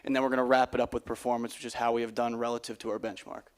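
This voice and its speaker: A man's voice: medium pitch, level tone, rapid-fire, clean tone. A young man, a college student, explaining an agenda in a plain presentation to an audience. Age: young adult.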